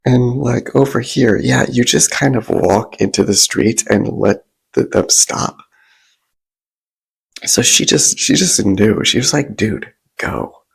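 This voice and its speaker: A man telling a rambling story in a soft ASMR vlog, often stopping to restart his sentences and acting out what others said. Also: mid-range voice, takes it slowly. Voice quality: raspy, breathy and gravelly. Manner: rambling, self-interrupting, animated quoting of others. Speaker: vlogger.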